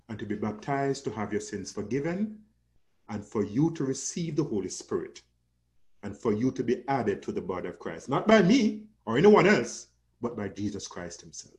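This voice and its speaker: A man's voice: medium pitch, lively intonation, normal speed, a little mellow. A man preaching a sermon with an emphatic, rising and falling cadence, calling listeners his friend.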